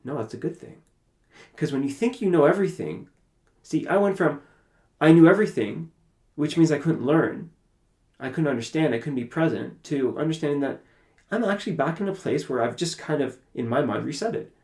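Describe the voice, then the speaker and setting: A man from Canada, a podcast guest, telling a personal story in an animated way and acting out his own past conversations. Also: on the high side, fairly quick. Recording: roomy echoey room.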